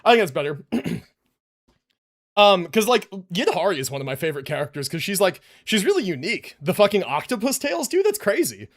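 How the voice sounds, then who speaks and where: High-voiced young man rambling on stream. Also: sing-song, a little fast. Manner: loose and rambling, many restarts and fillers. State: out of breath after push-ups. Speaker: livestreamer. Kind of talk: casual live-stream chat. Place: home room. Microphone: desk mic, moves away from it.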